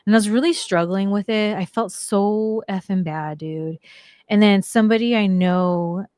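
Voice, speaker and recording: A middle-aged woman recounts personal stories as a talk show guest, keeping it chatty and full of "like" fillers in a casual interview. Her voice is medium-pitched and a little mellow at normal speed, with no echo.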